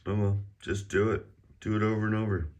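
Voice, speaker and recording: A man's voice: fairly low pitch, fairly even intonation, fairly quick, a little mellow. A middle-aged man teaching a casual online Chinese lesson at home, chatty and prone to rambling asides. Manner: sings out exaggerated tones in pronunciation drills.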